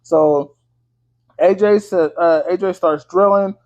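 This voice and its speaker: A man's voice: sits high, fairly even intonation, slow pace, darkish tone. A man casually recapping a movie in a loose, slangy, swear-heavy way, full of fillers. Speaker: movie reviewer. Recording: dull lo-fi audio.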